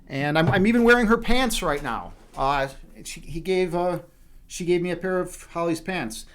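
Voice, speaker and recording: Casual streamer, young man from Chicago, slightly high voice, rambling and unpolished delivery. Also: lively intonation, normal speed, a bit bright, slight background noise. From Chicago, USA. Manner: rambling, many restarts and fillers, frequent swearing. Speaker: streamer, meditation host. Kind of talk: casual live-stream chat.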